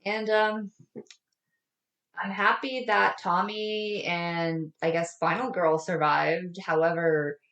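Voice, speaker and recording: A woman co-hosting a casual movie review podcast, chatty and lively, walking through scenes with lots of fillers. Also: on the low side, slow pace, echoey room. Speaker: podcast co-host.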